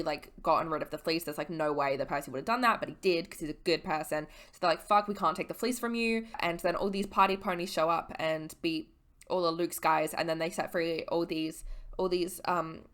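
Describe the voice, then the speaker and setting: A slightly tipsy woman with a lowish voice rambles through a casual book recap. She talks in an animated, slangy way and swears freely. Her delivery is loose and chatty. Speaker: vlogger.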